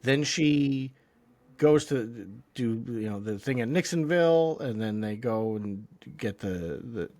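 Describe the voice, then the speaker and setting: A man co-hosting a podcast, talking in a relaxed, halting way about a TV episode. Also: medium pitch. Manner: relaxed, halting, with many likes and ums. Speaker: podcast co-host. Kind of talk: casual recap chat.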